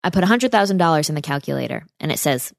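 Low-voiced woman, sarcastic podcast host. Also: lively intonation, very fast, vocal fry, no echo, studio quality. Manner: emphatic, sarcastic rhetorical questions. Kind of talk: political commentary monologue.

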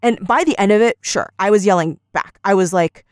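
A woman's voice: mid-range voice, a little fast, no room sound, studio quality. A woman co-hosting a podcast, casually retelling an argument and acting out each quoted line. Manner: animated storyteller, acts out quoted lines. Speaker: podcast co-host.

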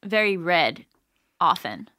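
A woman's voice: lowish voice, sing-song, slow pace, sharp tone, no room sound, clean studio sound. A woman in her thirties co-hosting a variety show, chatting playfully and giving earnest advice. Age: 30s. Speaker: co-host. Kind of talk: casual podcast banter.

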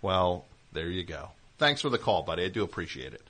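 A man's voice: sits low, very animated, brisk, fairly bright tone. A man hosting a comedy call-in radio show, teasing callers and riffing in long rambling runs.

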